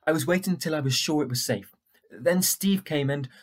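A man voicing a frightened young boy in a storybook reading, husky and pleading. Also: on the high side, a little fast, voice pushed up, close to an everyday voice. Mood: defensive. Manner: pleading, defensive.

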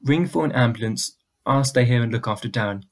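A man's voice: mid-range voice, brisk, natural voice. Man voicing a worried dad, firm, clipped. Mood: soft. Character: worried father taking charge.

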